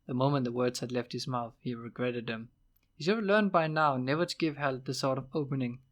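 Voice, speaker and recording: A man reading a novel aloud as an amateur audiobook, with steady, plain narration and small slips. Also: medium pitch, a little fast. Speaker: audiobook reader.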